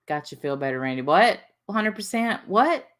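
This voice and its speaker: A woman's voice: medium pitch, big pitch swings, moderate pace. A woman hosting a casual livestream, chatting, reading out viewer names and laughing at herself. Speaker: livestream host.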